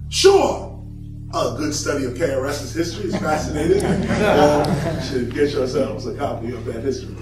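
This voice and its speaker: A man lectures to a crowd in a high, lively voice that leaps around in pitch. He preaches with emphasis and chuckles between points. The sound is echoey and distant, with faint music in the background. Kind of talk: public lecture to an audience.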